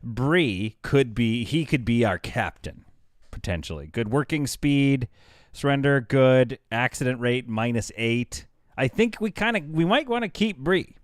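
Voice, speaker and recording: Animated man streaming a game. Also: medium pitch, unhurried, no echo, clean studio sound. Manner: chatty, talks to chat; animated, laughs often. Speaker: livestreamer playing a game. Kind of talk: casual live game commentary.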